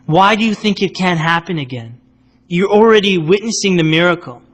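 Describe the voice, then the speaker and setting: A man's voice: high voice, a little fast, a bit bright. A man giving a conversational religious lecture, explaining points and checking in with his listeners by asking "right?". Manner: explanatory, asks "right?" often, acts out quotes. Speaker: Islamic lecturer.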